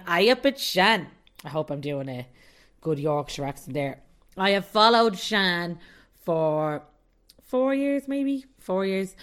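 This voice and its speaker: A woman's voice: mid-range voice, fairly bright tone. An Irish woman hosting a podcast, talking in a casual, chatty way and laughing often. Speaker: podcast host. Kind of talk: casual solo podcast chat.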